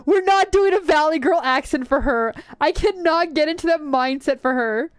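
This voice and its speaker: A woman's voice: high voice, normal speed, dry recording, studio quality, soft background music. A woman streaming a game, chatting casually with many "like" fillers. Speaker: streamer playing and reading a game aloud. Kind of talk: casual livestream chat.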